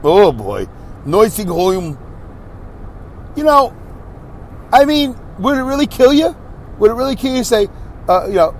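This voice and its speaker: A man with a high voice hosts a podcast and rants in a comic monologue. His pitch swings widely as he jumps into quick impressions. Faint noise sits behind him. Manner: animated ranting with voiced impressions. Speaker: podcast host. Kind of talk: comedic monologue.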